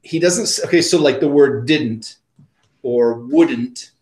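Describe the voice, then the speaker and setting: A man's voice: mid-range voice, slow pace, darkish tone, slight background noise. Rambling man in a roomy room. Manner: rambling, laughing, full of likes and restarts. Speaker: podcast co-host. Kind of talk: casual chat. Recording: roomy studio sound.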